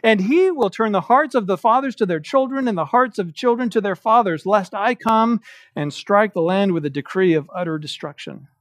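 A man preaching an expository sermon as pastor, slowing down to stress quoted scripture. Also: high-pitched, expressive, no room sound. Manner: emphatic preaching with slow, stressed quotations of scripture. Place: church.

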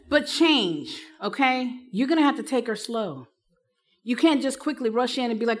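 Speaking live to a room of counselors, a woman with a fairly high voice talks at normal speed. She tells funny, lively stories and acts out the people she quotes as she teaches.

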